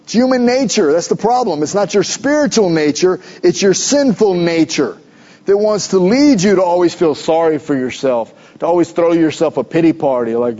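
A male pastor preaching a sermon in a conversational, animated storytelling way, with rhetorical questions. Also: sits high, moderate pace. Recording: dull lo-fi recording.

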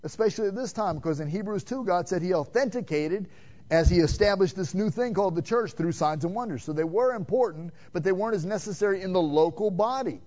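A man's voice: sits high, lively intonation, fast talker. Fervent man preaching, dull lo-fi sound. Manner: swings between loud emphatic questions and hushed quiet passages; direct, addresses listeners with "man" and rhetorical questions. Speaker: pastor. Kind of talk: sermon. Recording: dull lo-fi sermon recording.

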